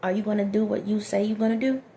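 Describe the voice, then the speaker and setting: A woman vlogger with a soft voice giving direct, preachy life advice to her viewers, often checking in with the listener. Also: medium pitch, steady tone, quick pace, a little hiss or hum. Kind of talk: direct-to-camera motivational talk.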